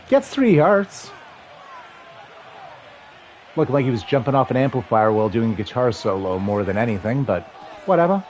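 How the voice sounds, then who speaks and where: Excitable man calling a football video game. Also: a little high, slight background noise. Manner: chatty, excitable, rambling asides. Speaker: livestream gamer and commentator. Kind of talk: casual play-by-play chat with chat.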